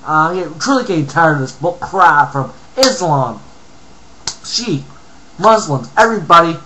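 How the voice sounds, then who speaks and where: A man with a somewhat high voice reads an article aloud and keeps cutting in with heated, profane rants. There is a faint hiss of noise behind him. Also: animated, moderate pace. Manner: profane, ranting, interrupts his own reading. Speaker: commentator reading and reacting to an article. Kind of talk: angry ranting commentary.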